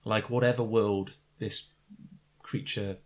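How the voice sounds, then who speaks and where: A man with a fairly low voice runs a tabletop role-playing game. He describes each scene in a loose, rambling way, stopping often on fillers and restarting his sentences as he narrates for the players. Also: fairly even intonation, takes it slowly. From Britain. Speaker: game master.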